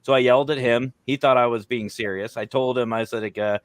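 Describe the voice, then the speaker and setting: A man, a guest paranormal investigator, chatting on a video call in an animated, joking way. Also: medium pitch, fairly quick, hardly any pauses, dry recording. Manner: animated, laughing, jokey. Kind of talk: casual video chat.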